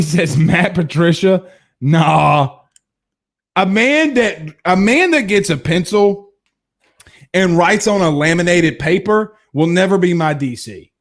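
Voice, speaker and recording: Blunt, higher-pitched man hosting sports talk. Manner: blunt and opinionated, with frequent restarts and laughs. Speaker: sports talk show host. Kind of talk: live-stream sports talk, reading viewer comments.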